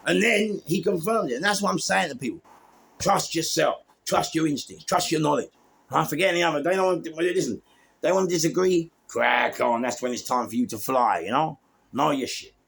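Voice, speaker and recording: A man's voice: fairly high pitch, fairly quick, vocal fry, fairly bright tone, slightly rough. A man with a London accent telling stories casually, with street slang, swearing, and frequent "yeah?" check-ins. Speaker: storyteller guest. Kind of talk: casual storytelling.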